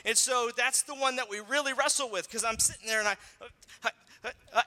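A pastor in his thirties delivers a sermon conversationally and fast, telling stories and acting out voices in a lively way. His voice is unusually high and very bright. It rings with the long reverb of a large hall.

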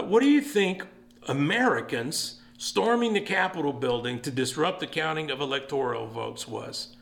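Male pastor, fairly high voice, earnest sermon, building to emphatic calls. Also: gravelly, a bit bright. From East Texas. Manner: earnest, rising to emphatic exhortation.

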